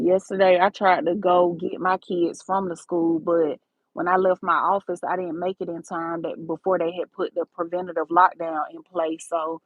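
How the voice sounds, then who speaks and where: A woman's voice: lowish voice, no echo, lo-fi sound. A woman, talking straight to her viewers in a casual livestream, calling them baby and y'all. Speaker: livestream host.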